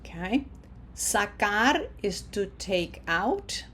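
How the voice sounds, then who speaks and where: Woman teacher going real slow thru a lesson, drawn out words, then little quick asides, middle aged. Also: mid-range voice, animated, fairly bright tone, slightly rough. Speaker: language teacher. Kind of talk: spoken language lesson.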